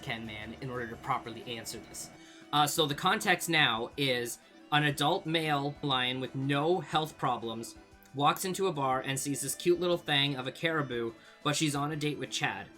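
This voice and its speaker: A young Canadian man answers viewer questions in a relaxed, hesitant way, peppering his answers with fillers and quick laughs. His voice sits at an ordinary pitch with a bright, forward edge. Faint guitar music plays underneath. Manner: rambling, hesitant, many fillers, laughs easily. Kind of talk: casual Q&A vlog.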